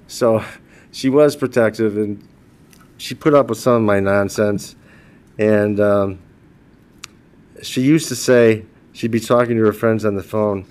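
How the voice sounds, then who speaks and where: A man's voice: fairly low pitch, steady tone, a little slow, long pauses, a little mellow, clean tone. A man in his sixties giving a eulogy for his wife, telling humorous personal stories and laughing at his own jokes. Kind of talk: funeral eulogy told as personal anecdotes.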